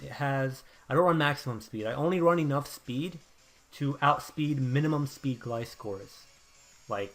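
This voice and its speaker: Excitable young man commentating a game. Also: medium pitch. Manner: excitable, swings from muttering to loud outbursts. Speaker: gameplay commentator. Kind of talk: live gameplay commentary.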